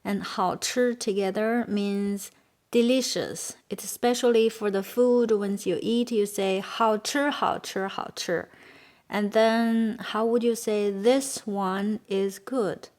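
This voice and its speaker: Slow-paced woman with a Chinese accent teaching. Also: medium pitch, fairly even intonation, a little mellow. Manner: patient, repeats words slowly for learners. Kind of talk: beginner language lesson.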